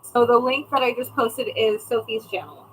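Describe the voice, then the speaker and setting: Livestream host: a chatty woman with a slightly high voice, faint noise behind her. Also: moderate pace, rough recording. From California. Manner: chatty, talks to viewers by name, trails off while searching. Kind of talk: casual livestream chat.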